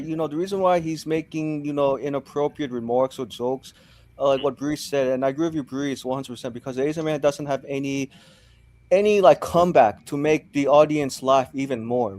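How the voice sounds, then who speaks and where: A man's voice: fairly high pitch, fairly quick, darkish tone. A man hosting a panel podcast, affirming others, handing the floor to them and sometimes stumbling over words. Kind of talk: casual panel discussion.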